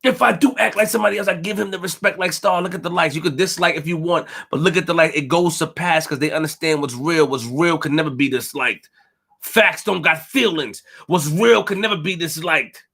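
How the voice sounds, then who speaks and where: A man's voice: on the high side, a little fast, creaky, pushed and bright, husky. A young man hosting a live stream, ranting boastfully and emphatically, repeating his phrases and tripping over words. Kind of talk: fired-up live-stream rant.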